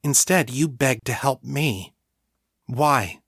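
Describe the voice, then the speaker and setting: A man's voice: medium pitch, takes it slowly, breathy edge, dry recording, clean studio sound, full character voice. Man reading a grave, blunt pregnant girl. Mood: flat. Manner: grave, quiet, flat.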